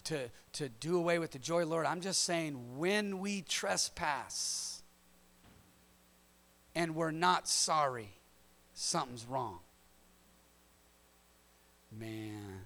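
A man's voice: fairly high pitch, vocal fry, fairly bright tone. A man, a pastor, preaching a sermon to his congregation, building emphasis and calling out to the room. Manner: preaching with rising emphasis and call-outs to the congregation. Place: church service.

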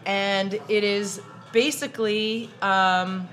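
A woman's voice: mid-range voice, fairly even intonation, takes it slowly, fairly bright tone. A woman hosting a podcast in a bar, chatting casually over drinks and telling stories with lots of laughter. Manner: laughs often, tells stories animatedly. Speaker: podcast host.

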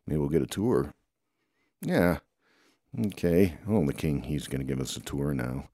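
A man's voice: a bass voice, unhurried, warm tone, dry recording, clean studio sound. A man improvising a playful story, rambling along with lots of groans and "oh boy" asides. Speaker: storyteller voicing toy characters.

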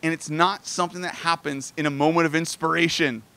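A man preaching in a casual, conversational way, telling a family story with rising emotion. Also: brisk. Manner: conversational, animated, rises in pitch when moved. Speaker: pastor. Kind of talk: sermon storytelling. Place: outdoors near sand.

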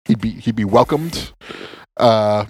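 Against a noisy background, a man with a lowish voice speaks slowly as a podcast co-host. He's animated and sarcastic, curses heavily, and keeps stammering and restarting what he says.

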